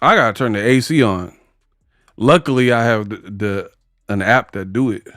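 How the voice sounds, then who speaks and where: A man hosting a casual live stream, chatting with viewers in animated, slangy banter and often breaking into laughter. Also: lowish voice, normal speed, dry recording, studio quality. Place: home set under hot lights.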